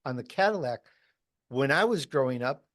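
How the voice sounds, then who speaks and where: A man's voice: medium pitch, animated, normal speed, a bit bright, dry recording. A man hosting a podcast in a loose, conversational way, leaning on filler words. The recording is dry and close-miked. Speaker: podcast host. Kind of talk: casual interview chat.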